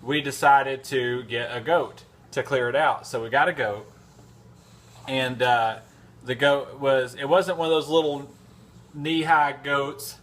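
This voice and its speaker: Male vlogger, casual storyteller, average pitch, loose and rambling with lots of restarts. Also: fairly even intonation, a little slow, fairly bright tone. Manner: rambling, folksy anecdote with frequent restarts and fillers.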